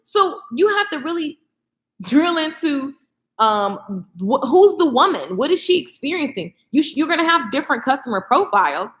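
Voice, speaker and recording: A woman hosting a casual late-night live stream, animated and slangy, laughing often and talking straight to her viewers. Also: fairly high pitch. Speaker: live stream host, beauty professional. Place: echoey room, home at night. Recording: echoey room.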